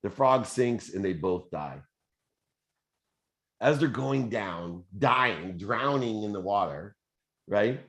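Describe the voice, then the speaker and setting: A very deep, low-pitched man in his fifties runs a live motivational Q&A. He talks in an animated, conversational way and drops in fillers as he goes. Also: takes it slowly, pauses often. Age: 50s. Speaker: host.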